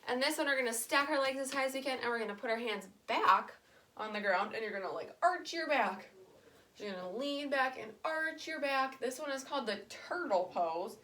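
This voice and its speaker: Bright-voiced young woman leading kids' yoga. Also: high voice, expressive, normal speed. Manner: playful, encouraging, speaks simply to children. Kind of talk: guided kids' yoga lesson.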